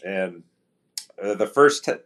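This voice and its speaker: A middle-aged man, a retired hockey player, telling stories as a podcast guest in a relaxed, anecdotal way and acting out quoted dialogue. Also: lowish voice, slow. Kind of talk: casual storytelling interview.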